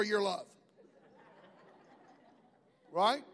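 A man's voice: high-pitched, normal speed, pauses often, big-room sound. A man preaching a sermon, conversational, joking with the congregation in asides. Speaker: pastor.

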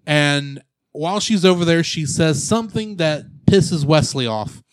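A man co-hosting a casual movie podcast, retelling the plot with jokes and quick asides. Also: fairly high pitch, lively intonation, no room sound. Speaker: podcast co-host. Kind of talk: casual movie recap chat.

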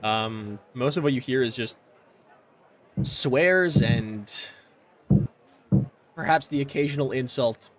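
Relaxed man narrating as game master. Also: medium pitch, takes it slowly, long pauses. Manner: relaxed, descriptive, with filler words. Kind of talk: narrating a tabletop game over a call.

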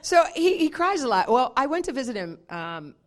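Animated woman preacher telling a story. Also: high voice, moderate pace. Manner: animated storytelling, laughing often. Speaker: minister. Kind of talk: sermon.

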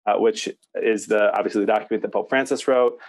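A young man co-hosting a podcast, telling stories about ministry in casual, animated chat. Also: lowish voice, a little fast. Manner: storytelling, animated. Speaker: podcast co-host, youth minister.

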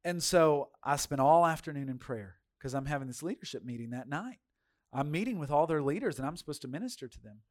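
A male pastor preaches in an animated, folksy storytelling style and talks straight to his congregation. His voice sits fairly high for a man. He swings from loud emphasis to hushed asides. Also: fairly quick. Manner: folksy, addresses congregation directly. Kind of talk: sermon.

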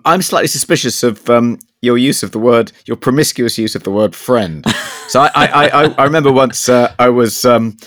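A man's voice: fairly low pitch, a bit bright, no echo, studio quality. A man co-hosting a podcast in casual chat, telling rambling anecdotes with many restarts and stammers. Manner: stammering, self-deprecating anecdotes. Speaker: podcast co-host.

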